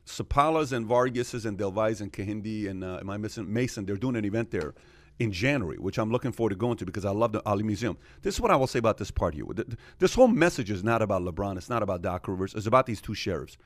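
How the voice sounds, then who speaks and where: A man's voice: on the low side, expressive, quick pace, dry recording. A man hosting a casual podcast discussion, telling stories animatedly and acting out quoted exchanges, with frequent fillers. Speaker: podcast host.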